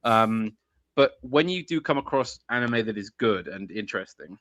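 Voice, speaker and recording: A man's voice: fairly low pitch, expressive, normal speed, fairly bright tone, no room sound, muffled recording. A man as a guest in a casual conversation, playful and teasing, often stammering into restarts. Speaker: podcast guest.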